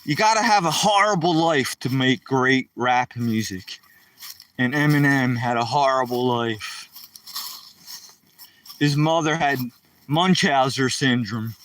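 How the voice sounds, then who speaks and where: A man's voice: medium pitch, takes it slowly, pauses often, a bit bright, dry recording, distant mic, rough recording. A man telling a rambling story to live-stream viewers while walking outdoors in the woods, talking to viewers by name.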